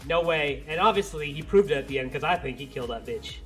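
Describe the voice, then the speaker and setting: A man's voice: fairly high pitch, quick pace, music in the background. A man co-hosting a podcast in casual chat, joking and slangy as he recaps an episode. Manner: joking, slangy, animated storyteller. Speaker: podcast co-host.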